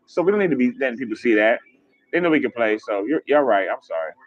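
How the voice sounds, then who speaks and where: A man hosting a casual livestream, chatting fast and rambling, swearing freely as he reads viewer comments. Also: medium pitch, lively intonation, highs cut off, faint music behind. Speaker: livestream host.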